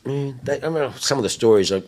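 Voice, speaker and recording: A man's voice: mid-range voice, brisk, darkish tone. An Australian man hosting a podcast, chatting casually and rambling through profane stories with laughter. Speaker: podcast host. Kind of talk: casual chat.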